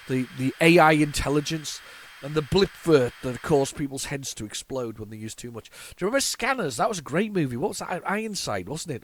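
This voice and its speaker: A man's voice: fairly high pitch, a bit bright, slight background noise, low-quality recording. A man in his forties, hosting a retro gaming channel, rambling and nostalgic, with frequent stammering restarts and repeated words. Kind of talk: casual off-the-cuff commentary while loading a tape.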